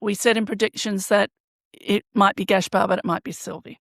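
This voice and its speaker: Woman, podcast co-host, gravelly fry in the voice, gushing casual chat, dry close mic. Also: mid-range voice, steady tone, fairly quick, a bit bright, dry recording. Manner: enthusiastic, gushing fan reactions.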